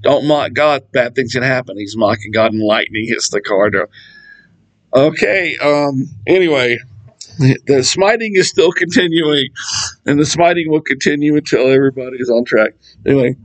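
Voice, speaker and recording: A middle-aged man talks through scripture in a loose, conversational way. He has a mid-range voice, wanders off on tangents and chuckles at his own asides. His delivery is animated and unscripted. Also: mid-range voice, moderate pace, low-quality recording. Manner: animated, digressive, laughs at his own jokes. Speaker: Bible teacher. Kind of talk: casual Bible study talk.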